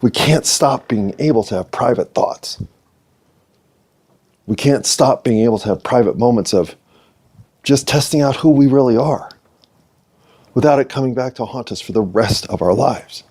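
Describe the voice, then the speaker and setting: A man's voice: medium pitch, moderate pace, pauses often, darkish tone, breathy edge. An American man hosting a solo podcast, talking in a rambling, philosophical, self-deprecating way. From United States. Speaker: podcast host. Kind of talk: reflective solo monologue.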